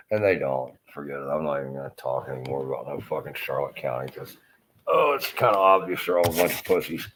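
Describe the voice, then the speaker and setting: A man with a very low, deep voice delivers a rambling, bitter rant full of swearing. He sounds like he is hurting and feeling unwell as he talks to the camera. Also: lively intonation, moderate pace, a bit bright, a little hiss or hum.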